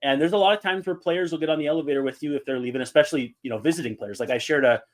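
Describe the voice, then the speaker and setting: A man's voice: on the high side, racing. A man, co-hosting a casual chat and telling stories that act out quotes. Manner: animated storyteller, acts out quotes. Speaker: podcast co-host.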